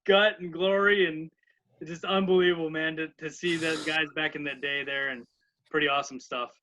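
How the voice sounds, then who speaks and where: A man co-hosting a baseball podcast, chatting with enthusiasm and asking quick questions. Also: on the high side, fairly even intonation, sharp tone, a little hiss or hum. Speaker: podcast co-host. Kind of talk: casual chat. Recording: dull, lo-fi podcast audio.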